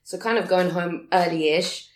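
A woman telling a story casually, animated, swearing and laughing often. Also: on the low side, a little slow, reverberant. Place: living in a big city abroad.

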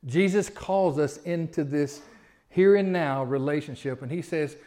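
A man's voice: fairly high pitch, unhurried, warm tone. A man pastor, preaching a folksy sermon that repeats words and builds with rising emphasis. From Southern United States.

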